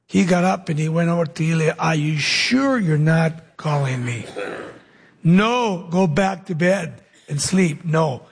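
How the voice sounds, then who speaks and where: A man preaching a sermon, telling the story with dramatic pauses and acting out the dialogue in his own voice. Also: fairly high pitch, animated, husky.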